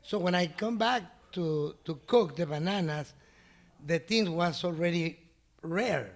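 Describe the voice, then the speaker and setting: A middle-aged man whose first language is Spanish tells an animated story in broken English, laughing often and acting out the voices of other people. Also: fairly high pitch, unhurried. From Mexico. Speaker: restaurant owner. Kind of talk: storytelling in an interview.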